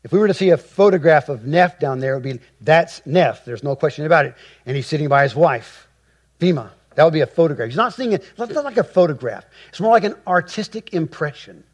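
A man preaching a sermon, reading scripture slowly and rising with emphasis on key words. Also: on the high side, animated. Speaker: pastor.

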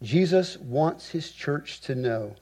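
A man preaching an expository sermon, with emphatic rhetorical repetition and deliberate phrasing. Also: medium pitch, animated, a little mellow, husky. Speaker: pastor.

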